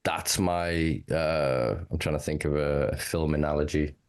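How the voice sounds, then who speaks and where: A man hosting a podcast, talking candidly in a casual, animated way and swearing freely. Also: very deep voice, measured pace, clear, resonant tone. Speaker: podcast host. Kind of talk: casual conversation.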